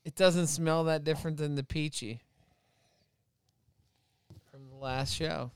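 A man's voice: fairly high pitch, fairly even intonation, unhurried, slight background noise. A man co-hosting a casual podcast, firing off teasing wisecracks. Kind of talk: casual banter.

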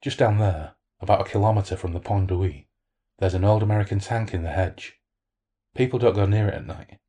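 Elderly villager, deep and grave, measured storyteller, read by a man. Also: mellow, breathy edge. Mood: solemn. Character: elderly male French villager, solemn storyteller.

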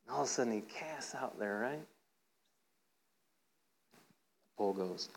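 Creaky and a little slow yet lively in intonation, a man preaches an informal sermon on a rough recording. He spins a playful tale, mimicking voices with rising pitch and often asking the listeners "right?"

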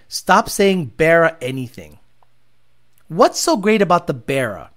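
A foul-mouthed livestream host rants through viewer comments in a loose, mocking chat style. The pitch moves a lot, rising and dropping with every jab. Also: big pitch swings, measured pace, fairly bright tone. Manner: profane, ranting, mocking. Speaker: car tuning livestream host.

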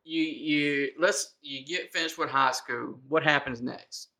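Very low-voiced blunt woman. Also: a little slow, sharp tone, echoey room. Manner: blunt, joking questioner. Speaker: host. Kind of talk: casual chat.

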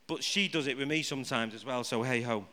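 A man's voice: mid-range voice, quick pace, sharp tone. A man preaching a live sermon to a congregation. He jokes with the room and keeps asking it rhetorical questions. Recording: reverberant hall.

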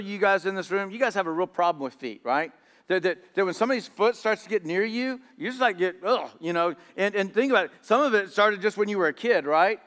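The preacher here is a man whose voice sits high and sounds a bit bright. Telling his sermon like a story, he repeats words often, and the church hall carries a noticeable echo.

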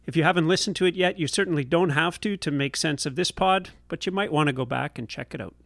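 A man's voice: a little high, fast, vocal fry, a bit bright, no echo, clean studio sound. A man hosting a podcast in a casual, easygoing way, with a wry edge. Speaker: podcast host.

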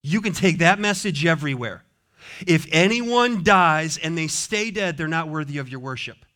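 A man preaching a sermon as pastor, moving between soft, gentle consoling passages and emphatic, repeated declarations. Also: fairly high pitch, lively intonation, normal speed.

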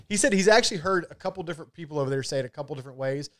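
A man's voice: a little high, animated, racing, few pauses, a bit bright, dry recording, clean studio sound. A man chatting casually about whiskey and gin, rambling and swearing freely. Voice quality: loose, profane, rambling delivery. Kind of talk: casual chat.

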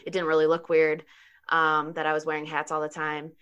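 A woman telling a personal story in casual conversation, animated, laughing often and saying 'like' a lot. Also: low voice, brisk, clear, resonant tone, lo-fi sound.

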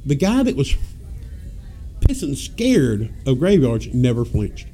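A man's voice: mid-range voice, sing-song, takes it slowly, dark tone, slight background noise. A man, a podcast co-host telling rowdy stories with lots of laughter and cursing. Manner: rowdy, laughing, profane storyteller. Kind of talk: casual storytelling chat.

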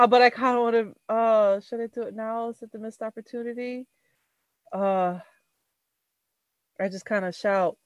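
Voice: mid-range voice, steady tone, normal speed, pauses often, clean tone, dry recording. Tabletop player, casual, giggly, dry recording. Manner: casual, laughing, hesitant. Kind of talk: casual tabletop role-play.

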